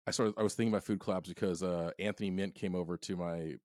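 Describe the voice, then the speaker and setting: A man's voice: low voice, fairly even intonation, very fast, a little mellow, dry recording, studio quality. A man co-hosting a podcast in casual chat, easygoing and laughing often. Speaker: podcast co-host.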